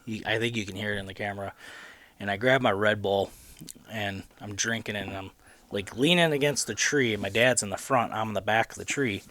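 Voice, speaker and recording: A man with a Midwestern American accent hosting a podcast, telling a rambling story in casual chat with frequent restarts. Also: lowish voice. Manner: rambling, animated retelling with many restarts. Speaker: podcast host.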